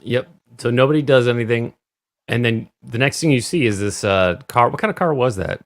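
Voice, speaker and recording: A man's voice: mid-range voice, a little fast. A man co-hosting a casual movie podcast, retelling the film's plot step by step with dry asides. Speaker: podcast co-host. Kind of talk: casual movie-review chat.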